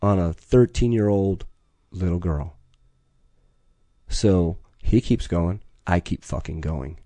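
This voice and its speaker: Middle-aged man; low, mellow voice; intense, profane, urgent storyteller; dry recording. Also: takes it slowly, dry recording. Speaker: podcast guest. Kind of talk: storytelling in conversation.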